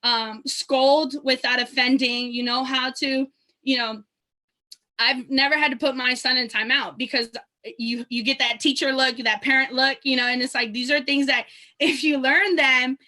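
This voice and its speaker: A woman's voice: sits high, steady tone, normal speed, sharp tone. A woman basketball coach talking in a panel discussion, conversational, with lots of fillers.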